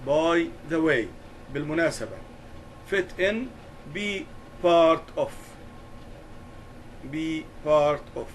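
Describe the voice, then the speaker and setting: Male English teacher, very slow, deliberate, repeats key words for the class. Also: on the high side, expressive, slight background noise, poor audio. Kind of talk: classroom lesson explanation.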